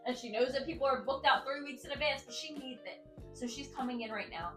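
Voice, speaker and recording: A woman's voice: high-pitched, fast, fairly bright tone. A woman voicing a breezy, overly reassuring female vet receptionist who rambles. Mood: placating. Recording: echoey room, faint music.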